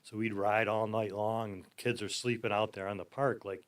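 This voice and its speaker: A middle-aged man with a fairly low voice swaps long, rambling stories about building ramps in a relaxed podcast chat. He agrees readily and keeps going. The sound is dry and close. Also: dry recording. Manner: rambling storyteller, quick to agree. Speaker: guest, skatepark ramp builder. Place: skatepark podcast room.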